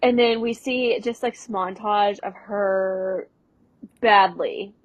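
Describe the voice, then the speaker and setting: A young adult woman co-hosting a podcast, recapping scenes in casual chat and dropping into quick voice impressions with laughs. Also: mid-range voice, steady tone, dry recording, low-quality recording. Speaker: podcast co-host.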